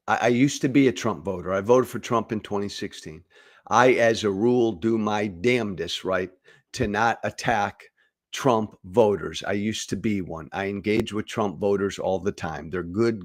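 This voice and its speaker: A middle-aged man hosting a political commentary show, speaking emphatically, with repeated phrases and stammered restarts. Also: fairly low pitch. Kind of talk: direct-to-camera political commentary.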